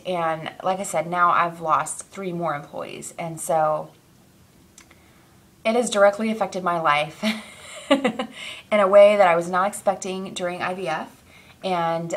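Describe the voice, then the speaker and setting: A young woman talks straight to her camera in a casual personal vlog. She rambles and trails off, filling gaps with ums and small laughs as she works through something emotional. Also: fairly low pitch. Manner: rambling, emotional, self-interrupting with fillers and laughs. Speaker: vlogger.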